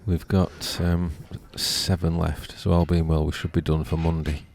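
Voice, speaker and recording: A man's voice: low voice, level tone, normal speed, a little mellow. A man giving a laid-back, rambling tournament update with dry humour. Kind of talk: casual commentary update.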